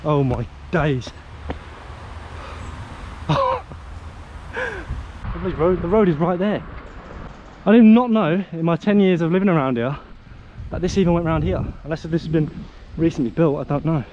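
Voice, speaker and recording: Young british dude vlogging outside, chatty and hyped, slightly high voice, loud traffic noise behind. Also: male voice, fairly quick, highs cut off. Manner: excitable, chatty, exclaiming often. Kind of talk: casual vlog chat. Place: outdoors at dirt jumps. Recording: outdoor noise, nearby traffic.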